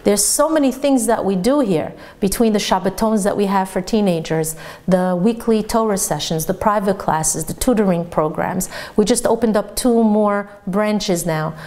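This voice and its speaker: A woman teacher giving a sermon-style Torah lesson, telling stories lively and laughing along the way. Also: mid-range voice, normal speed.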